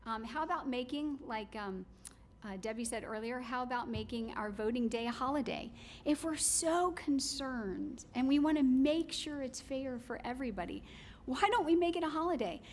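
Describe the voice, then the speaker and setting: A woman with a fairly high voice speaks at a county commission podium, telling her story with animation and stumbling through ums and restarts. There's a faint hum of room noise behind her. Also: moderate pace. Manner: animated storytelling, many fillers. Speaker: public commenter. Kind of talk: public comment at a county meeting.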